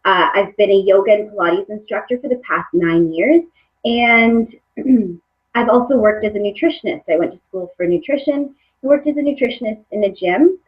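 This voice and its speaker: A woman's voice: medium pitch, moderate pace. Hesitant woman on dull webinar audio. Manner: warm, hesitant with many fillers. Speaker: webinar host, coach. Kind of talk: casual live webinar talk.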